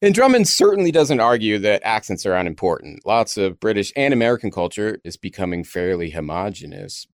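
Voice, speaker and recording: Wry, animated low-voiced man. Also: a little fast, few pauses, no echo, studio quality. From Texas. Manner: wry, lively, mixes reading quotes with joking asides. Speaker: podcast co-host. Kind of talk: casual chat reading and discussing links.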